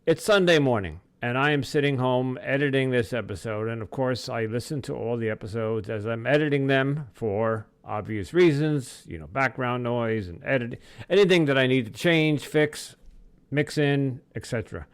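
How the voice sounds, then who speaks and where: A man hosting a podcast, talking haltingly and emotionally, with many restarts, before he introduces a guest. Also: medium pitch, smooth, no room sound. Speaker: podcast host. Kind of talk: reflective solo intro, then interview.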